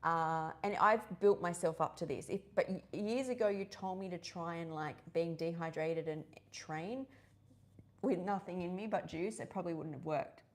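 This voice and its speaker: An Australian woman with a lowish voice hosts a live wellness session, chatting casually on a live stream at a moderate pace. She rambles, filling her talk with fillers and restarts.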